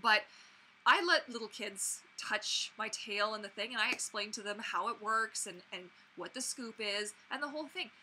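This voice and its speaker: Young woman, livestream host, casual chatty talk, very bright tone, faint background hiss. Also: mid-range voice, normal speed, poor audio. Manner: chatty and animated, lots of fillers and restarts. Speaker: mermaid performer and livestream host. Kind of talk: casual livestream chat answering viewers.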